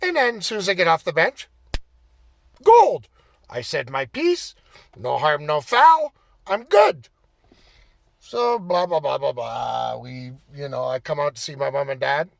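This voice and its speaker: Guy telling a cussing story, lively up-and-down voice, gets loud when he's worked up. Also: fairly high pitch, measured pace, gravelly, pauses often, no echo. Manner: animated, swearing, bursts into shouting when reliving anger. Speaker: storyteller recounting his playing days. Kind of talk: casual profane storytelling.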